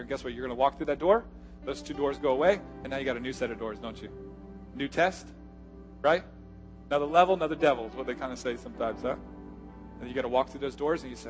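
A male pastor preaching a sermon, swinging from loud, punchy lines to hushed, quiet asides. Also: medium pitch, quick pace, music in the background.

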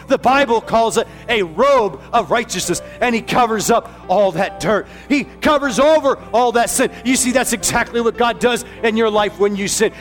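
High-voiced emphatic preacher man. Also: lively intonation, normal speed, few pauses, soft background music. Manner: emphatic, repetitive, rising to shouts. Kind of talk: sermon.

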